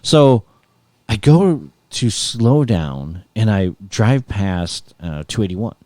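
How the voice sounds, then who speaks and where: A middle-aged man with a lowish voice spins a loose, laughing anecdote in casual chat. His pitch swings widely as he acts out the moments, and the sound is close and dry. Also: slow, no echo. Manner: animated rambling storyteller, laughs often. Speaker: guest musician.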